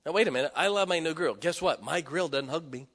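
A man's voice: fairly high pitch, fast, fairly bright tone. A middle-aged man preaching a sermon, joking and folksy, with sudden emphatic rising bursts. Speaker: pastor. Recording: long hall reverb.

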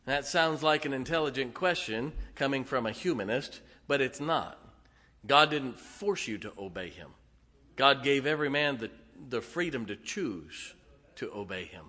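A man preaching in a church with a bright, forceful tone. He swings between emphatic rhetorical questions and folksy, joking stories. His voice carries a long reverb from a big hall. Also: mid-range voice, lively intonation, moderate pace. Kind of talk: sermon.

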